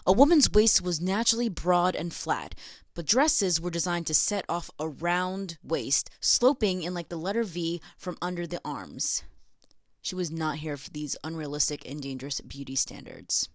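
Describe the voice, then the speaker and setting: A woman's voice: on the low side, lively intonation, normal speed, no room sound, clean studio sound. A young American woman hosting a casual educational vlog, sarcastic and chatty, laughing between lines. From United States. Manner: sarcastic, giggly, chatty asides. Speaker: video essay host.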